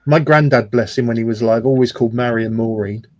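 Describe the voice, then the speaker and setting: A man's voice: mid-range voice, fast talker, dry recording. An older grandfather bantering in casual chat while building a model kit on a livestream. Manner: joking, banter. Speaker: co-host of a scale-modelling livestream.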